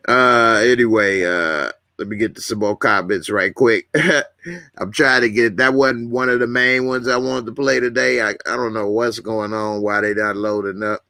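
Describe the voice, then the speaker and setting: A man's voice: fairly low pitch, fairly even intonation, unhurried, pushed and bright, dry recording, studio quality. A man casually hosting a live stream, chatting with viewers, greeting commenters and laughing often. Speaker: YouTube host.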